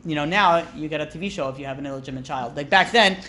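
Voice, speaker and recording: A rabbi rattles through old stories at a brisk clip, slipping into the voices of the people in them. His talk is loose and casual, full of fillers, with a faint hum in the background. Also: a little high. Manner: animated, acts out characters' lines with casual fillers. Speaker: rabbi teaching a class. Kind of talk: storytelling lecture.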